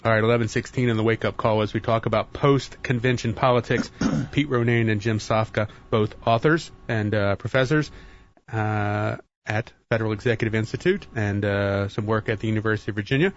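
A man's voice: fairly low pitch, steady tone, fairly quick. A man hosting a morning radio talk show, chatty and joking as he gives the call-in details. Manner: chatty, joking, reads station call-in info. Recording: dull lo-fi radio broadcast.

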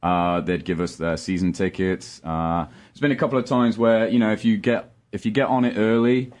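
A man's voice: on the low side, moderate pace, darkish tone. A man in a casual chat, hesitant with many fillers.

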